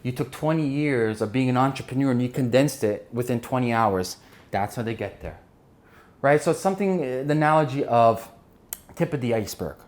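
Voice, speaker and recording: A man giving an energetic business lesson while drawing on a board, often checking in with his listeners. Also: medium pitch, fairly quick. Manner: energetic, keeps checking in with "right?" and "okay?". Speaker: business instructor.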